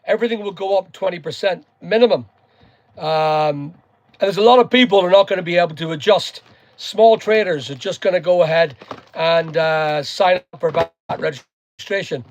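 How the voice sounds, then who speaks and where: A man's voice: high-pitched, moderate pace, dull audio. A man from Northern Ireland with a Northern Irish accent, hosting a casual live chat, rambling and greeting viewers by name. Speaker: live stream host.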